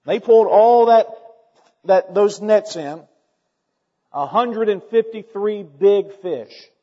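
A man preaching a sermon, emphatic and building to loud, repeated questions. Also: high voice, takes it slowly. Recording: dull long hall reverb.

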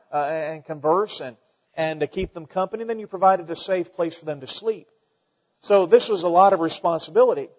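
High-voiced preacher in an echoing hall. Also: male voice, darkish tone. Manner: earnest preaching with frequent fillers and restarts. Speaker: pastor. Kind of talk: sermon. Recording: dull sound with long hall reverb.

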